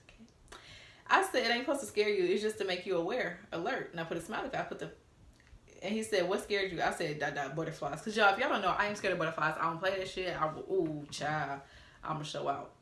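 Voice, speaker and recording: A woman's voice: fairly low pitch, fast, fairly bright tone, echoey room. A young woman telling a casual story to viewers, reading out old texts with candid, cussing asides. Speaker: storytime vlogger.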